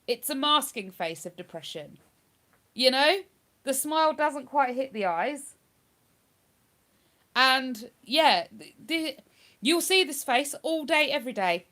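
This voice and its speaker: A woman talks casually on a live stream, reading out comments from chat and replying to them. Her voice sits a little high and sounds bright and forward. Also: lively intonation, takes it slowly, long pauses. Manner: chatty, reads viewer comments aloud and answers them.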